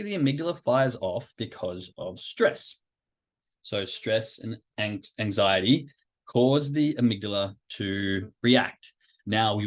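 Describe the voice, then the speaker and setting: A man hosting a podcast, explaining ideas in an informal, conversational way with frequent fillers. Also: mid-range voice. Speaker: podcast host. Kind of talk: educational podcast talk.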